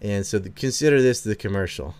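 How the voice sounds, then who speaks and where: A man's voice: fairly low pitch, expressive, fairly quick, darkish tone, a little hiss or hum. A man hosting a livestream, reading chat messages aloud and answering them in a brash, sarcastic way, swearing freely and chuckling between remarks.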